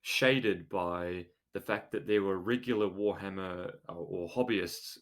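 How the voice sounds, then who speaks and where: A man hosting a podcast in casual chat, relaxed and hedging with fillers. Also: low-pitched, a little slow. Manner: relaxed, hedging with "you know" and "um". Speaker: podcast host.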